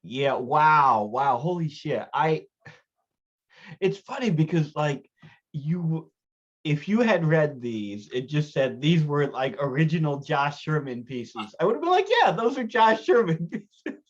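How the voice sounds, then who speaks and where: A man hosting a reading series, reacting to a reading in excitable, gushing casual chat and laughing easily. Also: a little high, unhurried, highs cut off.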